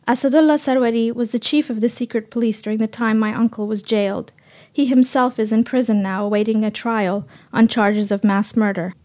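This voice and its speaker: A woman reporter narrating her own story in a measured, sober radio style. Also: on the high side, darkish tone. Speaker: freelance reporter.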